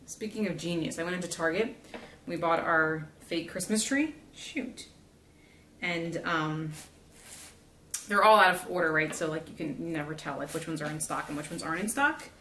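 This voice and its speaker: A woman's voice: low voice, normal speed, fairly bright tone. A young woman from South Florida chatting casually, rambling with lots of fillers while she builds a gingerbread house. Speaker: vlogger. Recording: echoey room, faint background hiss.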